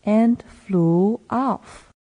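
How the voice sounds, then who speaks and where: A woman repeating a simple story phrase by phrase after a male reader, slowly and clearly, as a reading model for learners. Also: mid-range voice, dark tone. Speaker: reading teacher. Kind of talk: slow read-aloud for learners to repeat.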